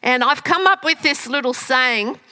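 A woman giving a lively talk to an audience, often restarting her sentences. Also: high voice, moderate pace, low-quality recording. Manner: lively, animated, with frequent fillers and restarts. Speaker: speaker teaching communication skills.

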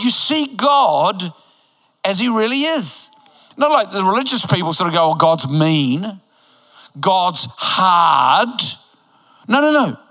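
A man in his sixties from New Zealand, preaching a sermon in a church auditorium with emphatic, animated delivery and joking asides. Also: high-pitched. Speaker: pastor. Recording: echoey hall reverb.

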